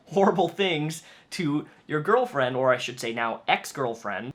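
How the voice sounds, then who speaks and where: A man's voice: fairly high pitch, a bit bright. A man narrating a commentary video in a conversational, pointed tone with light sarcasm. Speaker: YouTube commentator.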